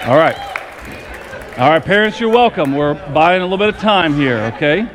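A man's voice: a little high, expressive, normal speed, fairly bright tone, a faint crowd. A middle-aged man preaching a playful Christmas sermon as pastor, talking straight to his congregation. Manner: playful, addresses the congregation directly. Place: church sanctuary with congregation. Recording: long hall reverb, audience noise.

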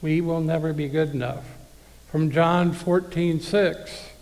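A male preacher with a somewhat high, gravelly voice delivers a sermon in a casual, conversational way. He reads scripture aloud and speaks straight to his listeners. A long reverb from the hall trails behind his words. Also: steady tone, slow pace, darkish tone.

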